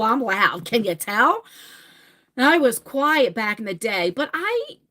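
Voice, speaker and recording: A woman in her forties chatting candidly with viewers, laughing often and rushing through some phrases. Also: on the high side, pushed and bright. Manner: chatty and candid, laughing, bursts of fast talk. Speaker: vlogger answering viewer questions. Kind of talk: casual chat.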